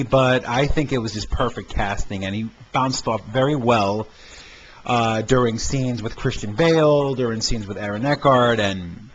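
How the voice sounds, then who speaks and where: A man hosting a casual film review podcast, talking hesitantly with many fillers and restarts. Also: medium pitch. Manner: hesitant, stammering, lots of fillers. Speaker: podcast host. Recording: dull lo-fi amateur podcast recording with faint noise.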